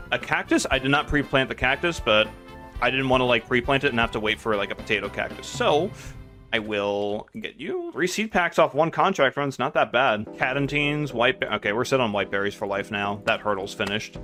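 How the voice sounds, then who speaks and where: A young man casually commenting on his own gameplay, excitable and swearing, talking to viewers. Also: mid-range voice. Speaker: gaming video host.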